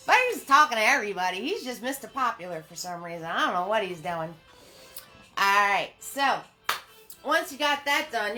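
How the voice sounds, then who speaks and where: Bright-voiced, chatty woman teaching painting. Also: a little high. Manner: chatty, laughs often, greets viewers by name. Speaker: painting instructor hosting a live paint party. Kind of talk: live-stream painting lesson chatting with viewers. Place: home studio.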